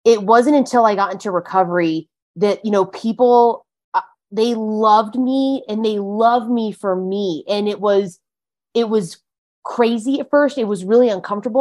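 A woman speaking as a podcast guest, her voice sitting at an ordinary middle pitch for a woman. She talks in a chatty, emphatic flow. She is full of "like" and "you know". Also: moderate pace, darkish tone. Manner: chatty and emphatic, heavy use of "like". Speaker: podcast guest sharing her recovery story. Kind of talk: casual conversational interview.

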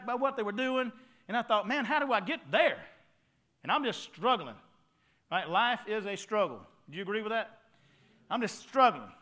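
Folksy high-voiced Southern preacher man. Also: sharp tone. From North Carolina. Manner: folksy storytelling with call-and-response asides. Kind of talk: sermon.

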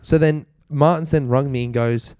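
A young Australian man retells a mishap with laughter and lively, acted-out quotes. His voice sits at an ordinary middle pitch. The sound is dry and close. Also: moderate pace, smooth, no echo. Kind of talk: casual storytelling chat.

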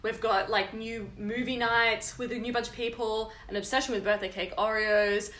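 A young woman, co-hosting a casual chat and telling stories with quick asides. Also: fairly high pitch. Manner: animated storyteller, quick asides and laughter. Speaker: podcast co-host.

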